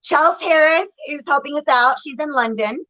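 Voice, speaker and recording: Bright, high-voiced woman, unhurried. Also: low-quality recording. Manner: chatty, greets viewers by name, laughs often. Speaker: livestream host, psychic reader. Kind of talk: casual livestream chat.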